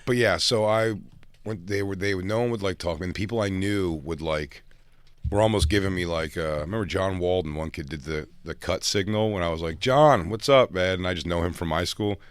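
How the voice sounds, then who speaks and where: A middle-aged man telling a story in casual chat as podcast co-host, crude and joking with quick banter. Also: low-pitched, clear, resonant tone, no room sound.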